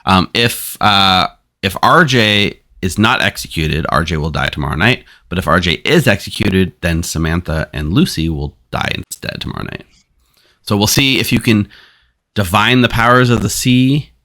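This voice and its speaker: A man hosting a streamed game, quickly explaining its rules to players. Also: low-pitched, lively intonation, pushed and bright. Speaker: game storyteller and stream host. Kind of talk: running a social deduction game on stream.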